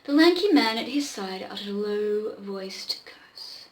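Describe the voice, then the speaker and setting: A woman's voice: medium pitch, lively intonation, unhurried, roomy sound, a little hiss or hum, poor audio. A woman hosting a show, casually reading an old pulp story aloud, with irreverent swearing asides. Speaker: podcast host reading old pulp stories.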